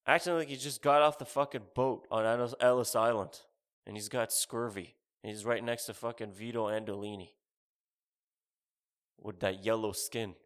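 A man's voice: medium pitch, fairly even intonation, normal speed. A man in his thirties delivering a rambling, sarcastic, profane comedic rant as a podcast host.

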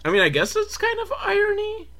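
Lively, bright-voiced sarcastic man. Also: extremely high pitch, a little fast. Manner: sarcastic, profane, with laughing asides. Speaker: host. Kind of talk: comedic film recap.

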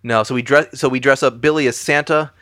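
A man's voice: mid-range voice, steady tone, brisk, pushed and bright, no echo. A man co-hosting a casual movie podcast, recapping the plot with jokes and silly voices. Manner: jokey, throws in silly character voices. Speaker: podcast co-host.

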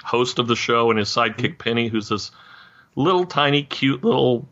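A man hosting a podcast in loose, animated conversation, rambling and laughing as he goes. His tone is bright and forceful at a mid pitch, and the recording sounds dull and lo-fi. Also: normal speed. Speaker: podcast host. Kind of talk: casual chat.

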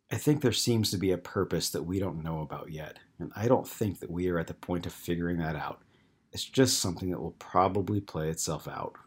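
A man reading the part of a troubled young man in his twenties, speaking slowly and earnestly in his own low, husky voice. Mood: uneasy. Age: 20s.

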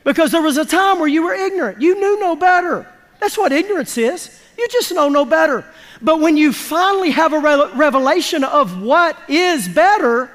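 Very high-voiced man preaching in a hall. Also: expressive, moderate pace, fairly bright tone. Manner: emphatic, folksy, calls for congregation responses. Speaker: pastor. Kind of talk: sermon. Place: church sanctuary. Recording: long reverb of a large church hall.

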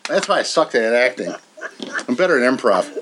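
A man's voice: medium pitch, sing-song, a little fast, noisy background. A man co-hosting a podcast, chatting casually in a goofy, crude, playful way. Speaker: podcast co-host. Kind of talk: casual chat.

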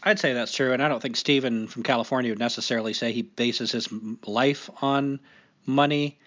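A man's voice: medium pitch, steady tone, fairly quick, fairly bright tone. A man hosting a podcast in casual chat while he has a cold, rambling with lots of fillers. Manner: rambling, many fillers and likes. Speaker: podcast host. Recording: dull lo-fi recording.

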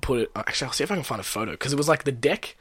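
Animated young man telling a story. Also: mid-range voice, very fast, husky, no room sound. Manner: animated, laughing storyteller acting out quotes. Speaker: storyteller guest. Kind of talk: casual chat.

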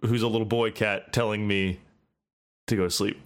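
A man's voice: lowish voice, steady tone, moderate pace, clean tone. A man from the United States in casual chat, bantering with wry jokes.

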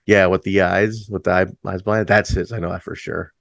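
Middle-aged band guy, low-pitched, dry close sound, easygoing and profane; pitch jumps on story peaks. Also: steady tone, brisk, vocal fry, no echo. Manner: laid-back, swears freely, says "like" often, jumps high when acting out stories. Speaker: band musician, interview guest. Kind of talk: casual storytelling chat.

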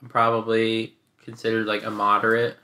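A man's voice: lowish voice, completely flat delivery, normal speed, pushed and bright. A young man chatting casually on a podcast, loose and slangy, often mimicking others in a raised voice. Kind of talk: casual chat. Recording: echoey room.

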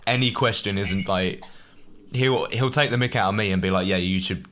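A man co-hosts a casual podcast in a lowish voice, full of jokes and restless excitement. He rambles, piling on fillers and quick asides. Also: a little hiss or hum. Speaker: podcast co-host. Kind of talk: casual chat.

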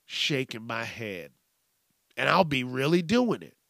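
A man's voice: mid-range voice, slow pace, gravelly, no room sound, studio quality. A man hosting a podcast, ranting casually and profanely, acting out other people's voices. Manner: profane, animated, acts out voices. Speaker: podcast host. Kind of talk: casual comedic rant.

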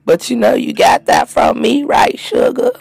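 A woman putting on the voice of a teasing old grandmother, drawling in a high sing-song. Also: huge pitch swings, unhurried, vocal fry, darkish tone, husky, full character voice.

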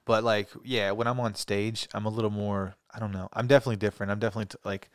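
Male comic hosting a podcast, low-ish smooth voice, dry close sound, loose and profane, laughs a lot. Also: flat delivery, racing, dry recording. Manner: laughs often, swears casually. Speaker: podcast host and stand-up comedian. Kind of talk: casual podcast chat.

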